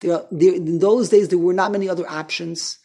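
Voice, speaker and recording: A man's voice: sits high, fairly even intonation, fairly quick, warm tone. A man teaching an informal Torah class, chatty and rambling, often restarting his sentences. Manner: rambling, self-interrupting, frequent restarts. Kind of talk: informal Torah lecture to a small group.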